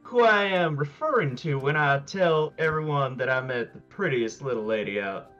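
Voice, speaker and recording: Folksy Southern flatterer, swooping delivery, played by a man. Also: on the high side, moderate pace, lo-fi sound, soft background music. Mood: flattering. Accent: Southern US (put on). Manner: folksy, overly gallant. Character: flattering drawling male adventurer.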